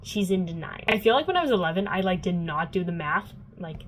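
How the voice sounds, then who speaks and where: A woman's voice: on the low side, expressive, brisk, hardly any pauses, slight background noise, poor audio. A young woman vlogging a casual, sarcastic book recap full of fillers. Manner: chatty, filler-heavy, sarcastic asides.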